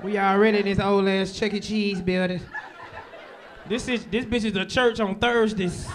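A man doing profane live crowd-work comedy on stage, loud and laughing at his own jokes. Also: high-pitched, steady tone, moderate pace, a little hiss or hum. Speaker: stand-up comedian working the crowd. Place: live club show.

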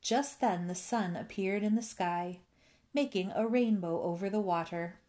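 A woman reading a children's storybook aloud in a gentle storytelling manner. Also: medium pitch, measured pace. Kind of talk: scripted narration.

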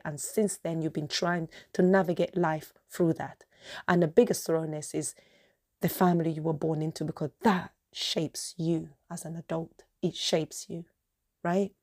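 Woman podcaster, low gravelly voice, gets fired up and repeats herself, mellow tone. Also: fairly even intonation, moderate pace. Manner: passionate, repetitive, earnest. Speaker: podcast host. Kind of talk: emotional solo podcast monologue.

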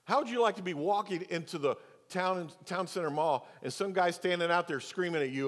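A man preaches from the pulpit, his fairly high voice rising into emphatic declarations and dropping into low, confiding asides. His words ring out with a long reverb that fills the church sanctuary. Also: a little fast, few pauses. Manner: swings between loud emphatic preaching and quiet, low asides. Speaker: pastor. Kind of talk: sermon.

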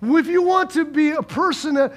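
A man preaching a sermon, emphatic and repetitive, moving between shouted lines and quiet storytelling. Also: extremely high pitch, moderate pace. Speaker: pastor.

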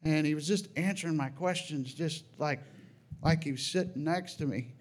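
A man sharing a personal religious testimony about a dream, in an earnest, halting way with frequent restarts, sometimes rising high and loud with feeling. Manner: rises high and loud at emotional peaks.

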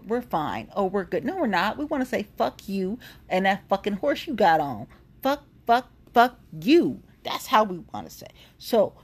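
This is a woman in a casual vlog-style rant, blunt and full of profanity. She sounds heated and exasperated, and her voice sits a little low for a woman. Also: husky. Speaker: activist vlogger. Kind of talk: casual angry rant to camera.

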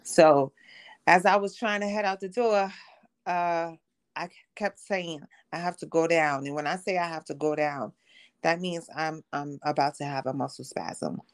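A woman with a low, gravelly voice recounts her own story on a podcast. She tells it conversationally and slips into the voices of the people she quotes. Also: moderate pace. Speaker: podcast guest. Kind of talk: personal testimony in conversation.

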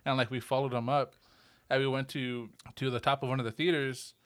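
A relaxed young man co-hosting a podcast, trading dry jokes and telling stories. His voice sits at a middle pitch and has an easygoing, unhurried flow. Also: clear, resonant tone. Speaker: podcast co-host. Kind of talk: casual podcast banter.

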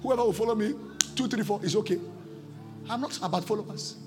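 A Nigerian-accented man preaching a sermon as pastor, impassioned, swinging between shouts and low pleading, in a church service. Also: a little fast, music in the background.

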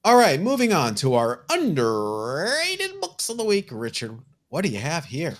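A man's voice: on the high side, huge pitch swings, measured pace. A man co-hosting a comic book show, chatting casually with wry, joking asides. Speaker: comic book podcast co-host. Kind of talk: casual chat.

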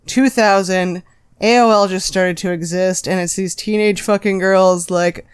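A woman's voice: mid-range voice, fairly even intonation, unhurried, clean tone. A woman co-hosting a podcast, talking in blunt, sarcastic, profane casual chat. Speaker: podcast co-host.

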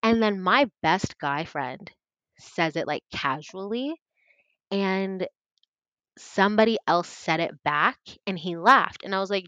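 A young woman in her twenties, a podcast guest telling her story in casual chat, earnest and animated, acting out what others said. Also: mid-range voice, unhurried, no room sound, highs cut off. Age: 20s. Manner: earnest, animated, acts out quoted voices.

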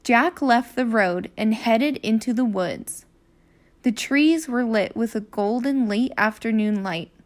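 Slow, gentle woman reading aloud. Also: fairly high pitch. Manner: slow, clear and expressive. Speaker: teacher and podcast host. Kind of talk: reading a children's book aloud.

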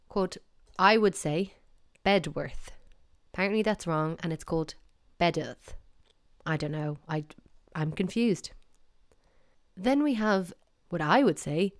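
An Irish woman hosting a podcast, talking casually in a playful, animated, mock-baffled way. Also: lowish voice, no echo, clean studio sound. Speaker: podcast host. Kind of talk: casual solo podcast talk.

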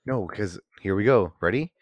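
A man's voice: fairly low pitch, expressive, normal speed, no room sound, dull audio. A man in casual chat, skeptical and sardonic, swearing freely.

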